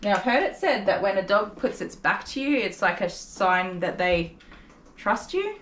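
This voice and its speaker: A young woman dog groomer talking gently and coaxingly to a nervous dog while she works, openly emotional and tender. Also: mid-range voice, expressive, normal speed, poor audio. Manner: gentle, coaxing, soft-spoken. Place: grooming salon, indoors. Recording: clipper buzz and background noise.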